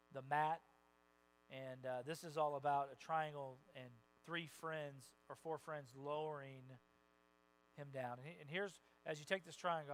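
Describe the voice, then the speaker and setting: A man preaching a sermon as a pastor, conversational and animated, acting out the voices of the people he quotes and swinging from soft asides to loud bursts. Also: fairly high pitch, slight background noise, rough recording. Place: church sanctuary.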